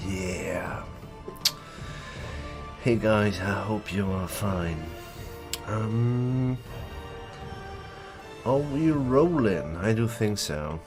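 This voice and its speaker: During a casual gaming stream with music in the background, a man who's clearly just woken up rambles and swears loosely. His low voice has lively intonation, with drawn-out words and long pauses.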